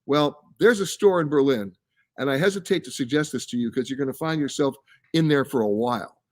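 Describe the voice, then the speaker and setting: A man's voice: medium pitch, brisk. Chatty travel show host, man. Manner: chatty and emphatic, reads out viewer comments and answers them. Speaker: travel show host answering viewer questions. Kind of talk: casual live-stream chat. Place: live from a science center.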